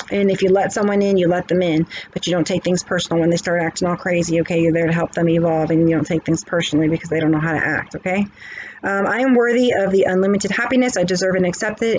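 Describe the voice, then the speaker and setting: A woman's voice: lowish voice, darkish tone, lo-fi sound, a little hiss or hum. A woman, a spiritual reader, talking casually in a preachy pep-talk way, often checking in with "okay". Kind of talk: casual chat.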